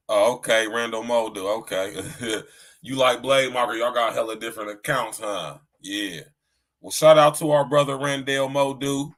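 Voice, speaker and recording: A man's voice: mid-range voice, steady tone, unhurried, fairly bright tone. A middle-aged man hosting a podcast livestream in a casual, slangy chat style, often saying "you know what I'm saying.". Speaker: podcast host.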